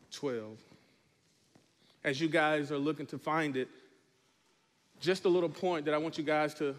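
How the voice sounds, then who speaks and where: High-voiced pastor preaching in a hall. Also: male voice. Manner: preaching, asks the congregation to respond. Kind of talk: sermon. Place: church.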